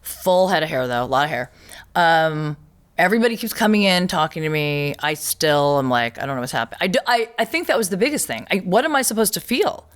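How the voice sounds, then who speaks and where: A woman hosting a podcast, telling a personal story in casual conversation, animated and often laughing as she acts out what others said. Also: deep voice, brisk. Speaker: podcast host.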